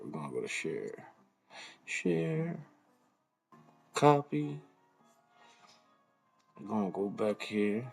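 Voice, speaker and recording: A man's voice: sits low, gravelly. A man hosting a live stream in casual commentary, rambling and swearing as he mutters to himself while fumbling with the computer.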